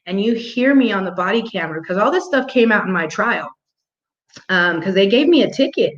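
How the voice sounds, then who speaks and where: A woman's voice: medium pitch, expressive, a little fast. A young adult woman telling a story in a casual monologue, blunt and profane, laughing now and then. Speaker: vlog host. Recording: roomy, muffled home recording.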